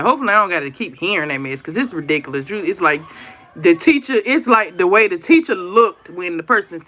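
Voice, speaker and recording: A woman in her thirties hosting a live stream, talking casually and animatedly to her viewers about her kids' online classes. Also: fairly low pitch. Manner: animated storytelling, talks straight to viewers as "y'all".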